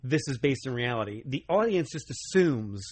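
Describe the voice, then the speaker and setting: A young adult man co-hosting a podcast in casual chat, telling animated stories and slipping into quoted voices. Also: mid-range voice, normal speed. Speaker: podcast co-host.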